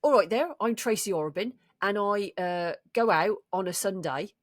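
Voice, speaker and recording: A woman's voice: medium pitch, normal speed, no room sound, studio quality, natural voice. Woman doing a chatty Midlands woman. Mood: casual.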